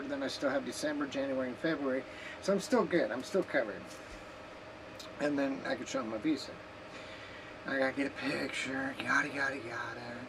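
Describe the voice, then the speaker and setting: A woman vlogging in a casual, rambling, joking way from her home kitchen, sometimes talking while eating. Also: low-pitched. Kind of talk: casual chat. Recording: noisy background hiss.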